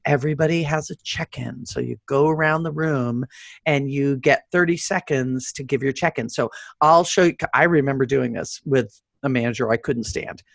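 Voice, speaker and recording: A woman's voice: sits low, gravelly, no room sound. A middle-aged woman hosting a podcast in casual chat, joking and laughing often. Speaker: podcast host.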